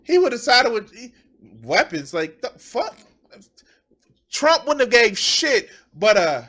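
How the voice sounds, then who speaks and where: High-pitched profane ranting man. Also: sing-song, takes it slowly, pushed and bright. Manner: profane, emphatic, repeats phrases. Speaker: streamer. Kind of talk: ranting political commentary.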